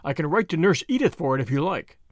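A man's voice: a little high, big pitch swings, fast talker, dry recording, clean studio sound. A man voicing a brash, generous young American with an American accent and breezy, confident slang. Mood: recounting.

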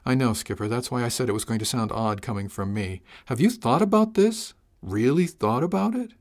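A man's voice: medium pitch, expressive, brisk, lightly acted. A man voicing a blunt but caring female ship's chief engineer, speaking frankly and practically in an audiobook. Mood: questioning. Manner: frank, practical, gently worried. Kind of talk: audiobook character voice.

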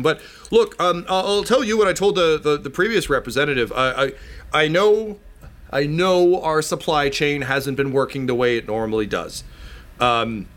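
A flustered male meat plant worker, as a game master puts him on, stammering and jittery, too eager to reassure. His voice sits well above the narrator's usual pitch and pushes out louder. He is evasive and keeps insisting that all is under control.

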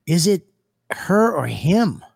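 A man's voice: sits high, big pitch swings, takes it slowly, gravelly, a little mellow, breathy edge. A man co-hosting a podcast, trading brash, profane jokes in casual banter. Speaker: podcast co-host. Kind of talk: crude comedic banter.

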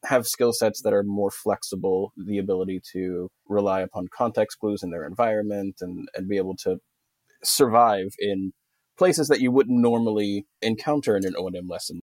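A man in his thirties from Texas, a podcast guest talking in a relaxed, self-deprecating way, with no regional accent. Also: fairly low pitch, moderate pace, no echo. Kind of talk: casual interview chat.

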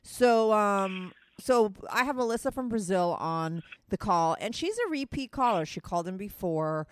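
A woman's voice: mid-range voice, expressive, moderate pace, smooth, no room sound. Woman, 30s, New Jersey accent, blunt, chatty, teasing, dry recording. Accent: New Jersey or New York. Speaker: podcast host. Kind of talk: casual chat over a phone call.

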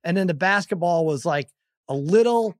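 A middle-aged man with a fairly high voice tells a story with gusto, jumping up loud when he acts out scenes. The sound is close and dry. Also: moderate pace, dry recording. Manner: animated storyteller, raises his voice acting out scenes. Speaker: podcast guest. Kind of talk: casual chat.

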